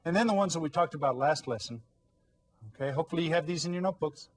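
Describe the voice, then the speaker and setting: Husky-voiced encouraging teacher man. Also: a little high, fast talker. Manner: patient, encouraging, prompts kids to repeat words. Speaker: Spanish teacher. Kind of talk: recorded elementary language lesson.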